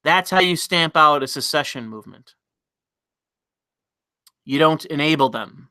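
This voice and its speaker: A man's voice: on the high side, animated, unhurried, pushed and bright, no echo. A man hosting a casual livestream, reading chat messages aloud and commenting bluntly, with frequent fillers and restarts.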